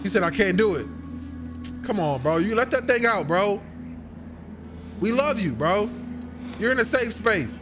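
A young man with a high, very lively voice, reacting to a video game as he plays. He is excitable and profane, and breaks into loud outbursts between bouts of joking banter. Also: normal speed, long pauses, music in the background.

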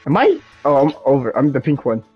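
Husky, excitable young woman gamer. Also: very deep voice, a little fast, dull audio, faint music behind. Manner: excitable, giggly, says bro a lot. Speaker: co-op game partner. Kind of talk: casual gaming chat.

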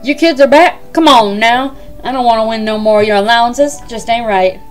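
A woman's voice: fairly high pitch, normal speed, faint music behind, lightly acted. A woman voicing a smug male gambler in a game, with a put-on hillbilly drawl. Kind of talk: let's play character voicing.

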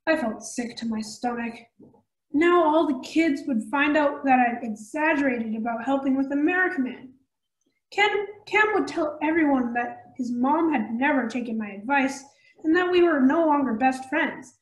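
A woman reading a children's novel aloud in a measured, expressive way. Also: high voice, echoey room, low-quality recording. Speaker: storybook reader.

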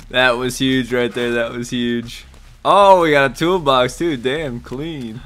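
A young man talks through a horror survival game in a loose, joking way and jumps into loud shouts when something big happens. His voice is bright and forward, and a faint hiss of noise sits under it. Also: mid-range voice, measured pace. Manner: excitable, jokey, shouts and laughs at big plays. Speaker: gaming YouTuber. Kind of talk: casual gameplay commentary.

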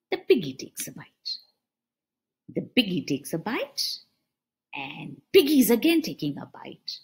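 A woman reading a picture book aloud to preschool children, animated and asking them questions as she goes. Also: lowish voice, husky. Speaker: preschool storyteller.

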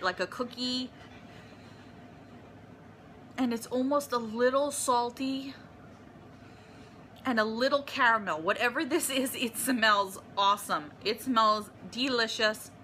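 A woman's voice: a little high, pushed and bright, a little hiss or hum. A woman filming a casual unboxing vlog in her apartment, gushing and emotional over each gift. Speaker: vlogger.

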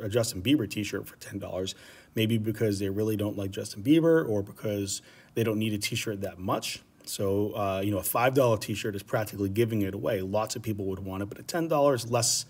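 A man's voice: on the low side, husky. A man teaching an economics lesson in a casual, rambling way, often checking in with "right?". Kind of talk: economics lecture.

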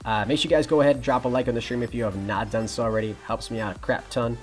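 Fast-talking young male game streamer. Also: mid-range voice, soft background music. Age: young adult. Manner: relaxed, chatty, reads and answers chat. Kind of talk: casual live-stream chat while playing.

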